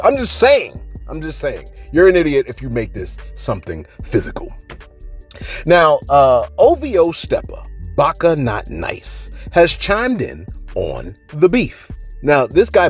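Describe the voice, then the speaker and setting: A man with a husky, slightly raised voice talks straight to his viewers in loose gossip commentary. His pitch swings all over the place, and he keeps repeating himself ("look, look") and throwing asides at the audience. Faint music plays underneath. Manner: animated, repeats words, rhetorical asides to viewers. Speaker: celebrity gossip channel host. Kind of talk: casual gossip commentary to camera.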